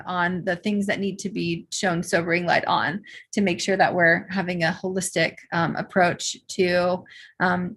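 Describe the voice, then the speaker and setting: Female host for a video call, eager, lots of ums, gravelly and a little husky. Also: on the low side, fairly bright tone. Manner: enthusiastic, many fillers. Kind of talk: live online event hosting.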